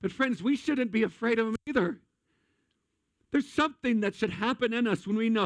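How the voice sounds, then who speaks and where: A man preaching a sermon in a lively, conversational way, with jokes and acted-out asides. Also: very high-pitched, moderate pace, no echo. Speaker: pastor.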